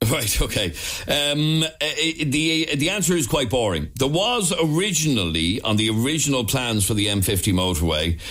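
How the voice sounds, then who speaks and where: An Irish man hosting a radio phone-in show, chatting in an animated, emphatic, jokey way. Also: mid-range voice, moderate pace. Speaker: radio talk show host. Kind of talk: casual radio phone-in chat. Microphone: studio microphone.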